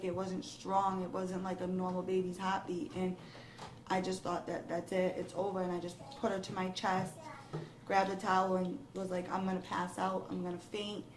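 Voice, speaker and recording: A young adult woman recounting a dramatic personal ordeal in an interview, her voice rising with emotion as she relives it. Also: medium pitch. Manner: breathless, rising emotion, quoting others in the retelling. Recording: echoey room, faint background noise.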